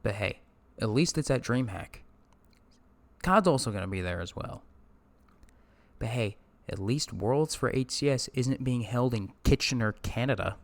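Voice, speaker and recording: A man's voice: mid-range voice, lively intonation, unhurried, long pauses. A man hosting a solo esports podcast, ranting profanely in a casual way and greeting his live chat. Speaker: podcast host. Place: indoors at a streaming setup.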